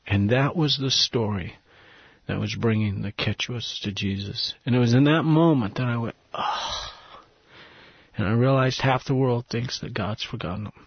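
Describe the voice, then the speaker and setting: A man, a missionary guest in an interview, telling an earnest, emotional story and dropping to a hushed voice at tender moments. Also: medium pitch, moderate pace, vocal fry, breathy edge, no echo, dull audio.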